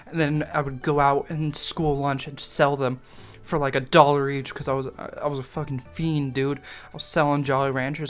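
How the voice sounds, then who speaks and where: A young man telling a story from his school days in a casual, rambling way, swearing freely, mocking himself and laughing often. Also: mid-range voice.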